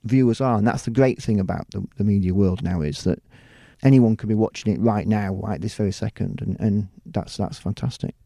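Gravelly and dark, on the low side, this middle-aged UK TV presenter and producer talks fairly quickly with few pauses. It's a casual interview where he rambles, restarts a lot, and says "you know" often, in clean studio sound without room tone.

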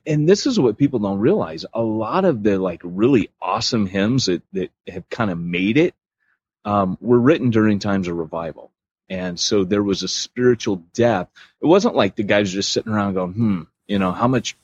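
Low husky guy rambling on a podcast, dry dull lo-fi sound. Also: no room sound. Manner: rambling, loose, full of fillers. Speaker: podcast co-host. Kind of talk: casual chat.

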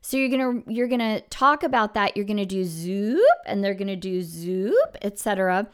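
A woman music teacher hosting an instructional podcast, explaining classroom activities step by step and swooping her voice high and low to demonstrate. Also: expressive, moderate pace, clean tone.

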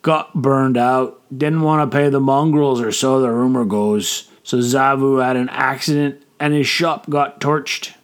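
A man's voice: mid-range voice, steady tone, unhurried, hardly any pauses, smooth, close to an everyday voice. A man voicing a boastful, bawdy old male sailor who slurs his words in an audio story. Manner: slurring.

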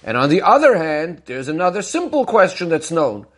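A man with a high voice teaches a Talmudic discourse. He poses questions and answers them methodically, retelling each story step by step. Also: very animated, moderate pace, husky. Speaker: Torah teacher.

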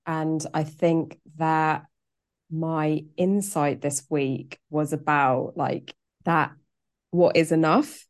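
A woman's voice: sits low, steady tone, slow. A woman who works as a coach, co-hosting a casual chat and talking in an earnest, reflective way. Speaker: coach and podcast co-host.

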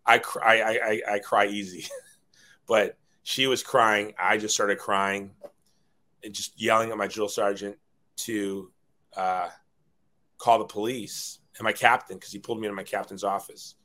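A middle-aged man with a fairly low voice recounts his own past as an interview guest. He talks earnestly and rambles a little, doubling words when the story moves him. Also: fairly even intonation, measured pace, sharp tone.

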